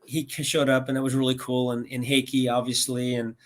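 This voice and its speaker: An American man in his sixties, a guest rambling through animated anecdotes over a video call. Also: medium pitch, brisk. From United States. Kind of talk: casual storytelling interview.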